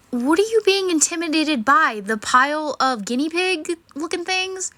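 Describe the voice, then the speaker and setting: A woman's voice: high voice, animated, moderate pace. A woman giving casual reaction commentary, chatty and sarcastic, who swears and laughs often. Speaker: reaction video creator. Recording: noticeable background noise.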